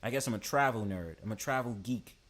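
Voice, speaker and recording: A man's voice: mid-range voice, fast talker, fairly bright tone. A man hosting a livestream in casual, slangy, joking chat, full of filler phrases. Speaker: stream host.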